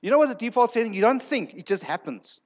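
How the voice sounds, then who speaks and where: A male pastor delivers a church sermon in a very high, sing-song, somewhat dark voice at a quick pace. He's emphatic, repeating words for effect and acting out the lines he quotes.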